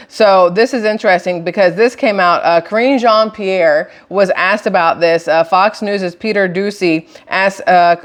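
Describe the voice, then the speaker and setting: A woman hosting casual political commentary, talking emphatically and repeating words for stress. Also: on the low side. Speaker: host.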